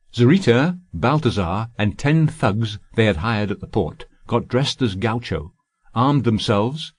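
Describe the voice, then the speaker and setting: A man reading an audiobook in a steady, even storytelling voice. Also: medium pitch, slightly rough. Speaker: audiobook narrator. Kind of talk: scripted audiobook narration.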